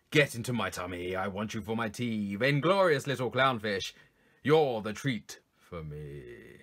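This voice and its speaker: A man voicing a big hungry predator fish that coaxes its prey in a slow, menacing way. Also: on the low side, sharp tone, heavily acted.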